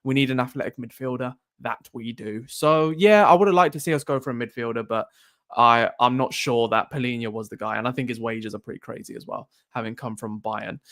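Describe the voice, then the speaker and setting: A man's voice: mid-range voice, a bit bright. An Irish man hosting a casual live stream, chatting loosely and reading viewer comments aloud before answering them.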